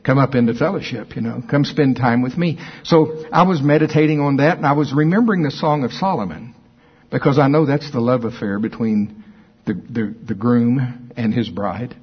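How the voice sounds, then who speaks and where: Husky, excitable preacher man. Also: mid-range voice, lo-fi sound. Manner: excitable, laughs often, reads scripture slowly. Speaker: pastor. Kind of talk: sermon.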